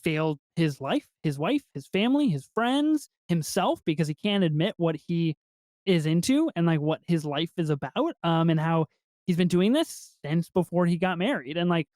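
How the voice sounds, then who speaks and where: A man co-hosting a podcast in casual film review chat, excitable and swearing freely as he acts out movie lines. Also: fairly high pitch, normal speed, dry recording, studio quality. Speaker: podcast co-host.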